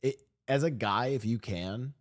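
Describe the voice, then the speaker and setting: A man's voice: mid-range voice, measured pace. A man streaming, reacting to clips in casual, profane commentary that rambles and restarts its sentences on a desk mic.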